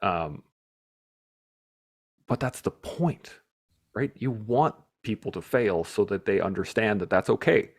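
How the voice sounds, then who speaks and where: A man hosting a podcast, telling stories in a casual, animated way, swearing freely and laughing as he talks. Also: fairly low pitch, takes it slowly, long pauses. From Canada. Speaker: podcast host. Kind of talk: casual storytelling chat.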